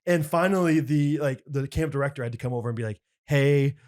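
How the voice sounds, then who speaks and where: A man in his thirties with a slightly raised voice co-hosts a casual podcast. He tells stories with lively energy and jumps into bold voices for the people he quotes. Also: a little high, quick pace. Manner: animated storyteller, acts out quotes loudly. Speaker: podcast co-host. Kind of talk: casual chat, storytelling.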